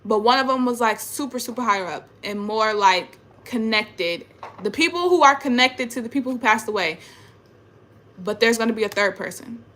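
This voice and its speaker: Bright-voiced young woman, emotional rambling monologue. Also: a little high, lively intonation, normal speed. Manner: emotional, rambling, swears often, trails off quietly. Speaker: spiritual vlogger. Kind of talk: casual personal monologue.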